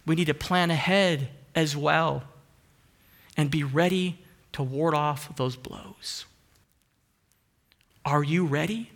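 A man preaching a sermon earnestly, asking rising emphatic questions and dropping into soft hushed asides. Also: fairly high pitch. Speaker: pastor.

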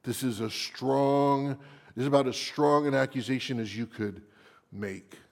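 A man preaching a sermon dramatically, at times dropping into a hushed whisper for emphasis. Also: medium pitch, steady tone, a little slow, gravelly.

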